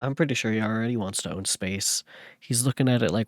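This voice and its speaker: A man reads a novel aloud in a relaxed, low voice, stumbling now and then and correcting himself. The recording is close and dry, with no room echo. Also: fast. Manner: relaxed, with small slips and self-corrections. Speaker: streamer reading a novel aloud. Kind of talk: casual read-aloud with commentary.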